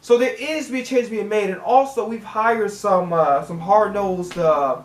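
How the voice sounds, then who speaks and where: A man's voice: sits high, unhurried, roomy sound, a little hiss or hum. A man hosting a sports reaction channel, ranting as a fan with heavy cursing and words repeated when he gets worked up. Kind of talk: profane fan rant.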